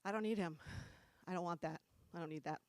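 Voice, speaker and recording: A woman's voice: fairly low pitch, fast, no echo, pitched below the performer's own voice, close to an everyday voice. A woman voicing an imagined Jesus who grumbles wearily and dismissively about someone who will cause him trouble. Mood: exasperated. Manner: weary, exasperated grumbling.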